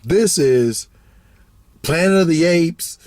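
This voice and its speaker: A man telling a story casually to camera, rambling and animated, swearing freely and acting out the other people's voices. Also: fairly high pitch, slow pace, no room sound. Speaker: vlogger.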